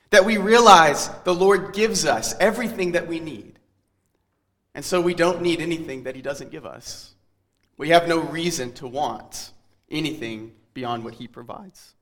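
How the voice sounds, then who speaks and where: A man preaching a devotional sermon in a measured, reflective way, letting his phrases trail off softly. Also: a little high, in a large hall.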